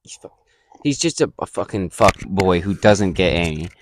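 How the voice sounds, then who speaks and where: A young man co-hosting a casual podcast, telling stories in an animated way and swearing often. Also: deep voice, normal speed, slight background noise. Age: young adult. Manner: animated storyteller, swears a lot. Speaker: podcast co-host. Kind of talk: casual chat.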